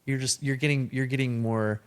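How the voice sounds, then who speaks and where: Man, mid-pitched, a chatty guest who tells stories with energy. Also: fairly quick, clean tone. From Texas. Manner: animated storyteller. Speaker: podcast guest. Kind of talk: casual chat.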